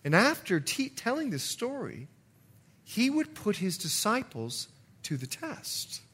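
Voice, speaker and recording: Bright, animated pastor telling stories. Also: male voice, sits high, measured pace, slightly rough. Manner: animated storyteller, jokey asides, shifts from loud to hushed. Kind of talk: sermon with storytelling.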